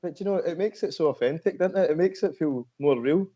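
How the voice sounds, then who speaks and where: A man's voice: on the high side, a little fast, dark tone. A man hosting a podcast, chatting casually and thanking his guests in a friendly way. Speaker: podcast host. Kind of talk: casual interview chat.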